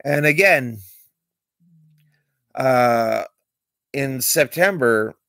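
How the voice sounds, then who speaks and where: A man talks on a late-night stream, wandering from one candid story to the next. His voice sits in a middle register with a gravelly, creaky texture, and the sound is dry and close with no room echo. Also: mid-range voice, animated, extremely slow, fairly bright tone. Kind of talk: late-night livestream monologue.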